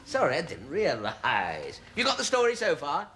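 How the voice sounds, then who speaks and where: A man's voice: a little high, huge pitch swings, moderate pace, a bit bright, full character voice. An actor playing a prim, easily flustered man who reads a racy novel aloud to hospital patients, apologetic and prone to giggling. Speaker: hospital volunteer reading aloud. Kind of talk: sketch comedy acting. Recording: heavy hiss on an old broadcast recording.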